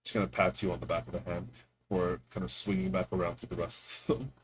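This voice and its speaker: A man's voice: low-pitched, fairly even intonation, quick pace, slight background noise. A man narrating as game master of a tabletop game, playful and loose, with lots of fillers.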